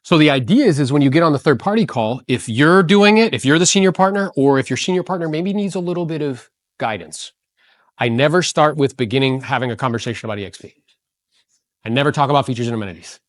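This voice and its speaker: Animated coach, slightly higher male voice. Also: fast, no room sound, studio quality. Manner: animated, acts out voices of callers, quizzes listeners; blunt and slangy. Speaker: real estate coach. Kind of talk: coaching talk to agents.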